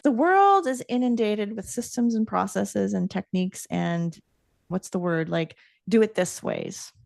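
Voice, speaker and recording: A woman coach answers interview questions in an earnest, reflective way, at times pausing to find her words. Her voice has a gravelly fry, and the recording is close and dry. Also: medium pitch, expressive, a little mellow, no echo. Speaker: podcast guest, coach.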